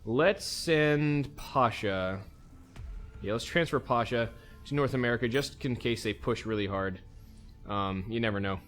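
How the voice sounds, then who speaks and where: Over soft background music, a man gives casual let's play commentary on a strategy game, thinking aloud in a relaxed way. His voice is on the low side, a bit bright and a little fast, with fairly even intonation.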